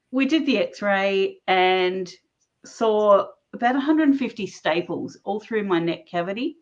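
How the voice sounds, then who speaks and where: A woman guest recounting her own story in conversation, animated and laughing often as she talks. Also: medium pitch, a little slow. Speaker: interview guest. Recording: dull lo-fi recording.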